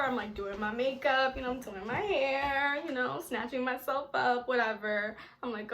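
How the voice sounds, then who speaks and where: Animated New woman telling a story. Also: high voice, unhurried, low-quality recording. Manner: animated, swearing, heavy filler "like". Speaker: vlogger. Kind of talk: storytime vlog.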